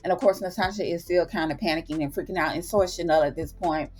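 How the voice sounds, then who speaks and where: A woman with a fairly low-pitched voice hosts her own channel, chatting through a television recap. She retells scenes with relish and drops slangy asides along the way. Soft music sits faintly underneath. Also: fast talker. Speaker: TV and film review channel host. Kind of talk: casual episode recap.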